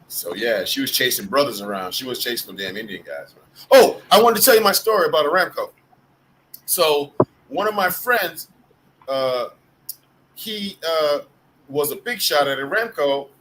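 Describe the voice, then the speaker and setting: A man hosts a live group video call, spinning rambling, profane stories broken up by bursts of laughter. His voice is on the high side and moves at a normal speed. The background is noisy.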